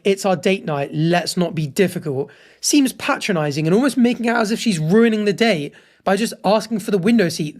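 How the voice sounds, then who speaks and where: Higher-voiced man judging posts aloud. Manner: reads posts aloud then reacts with frank opinions. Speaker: host reading and judging online posts. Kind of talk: casual commentary.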